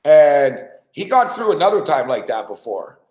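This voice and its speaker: A man's voice: a little high, big pitch swings, normal speed, darkish tone. Male radio host, casual and profane, roomy studio sound. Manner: profane, storytelling, laughs often. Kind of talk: casual chat.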